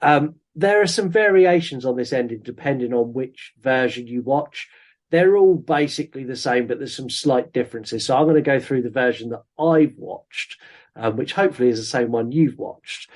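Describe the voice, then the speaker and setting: A man's voice: mid-range voice, normal speed, a little mellow. A man hosting a podcast, chatting casually about a film with many ums. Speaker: podcast host. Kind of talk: casual film review chat.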